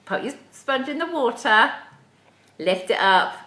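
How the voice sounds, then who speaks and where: Animated yet unhurried, a woman with a high-leaning, bright and forceful voice leads young children through a live craft playalong streamed from a room at home. She's encouraging and sing-song, and the room echoes.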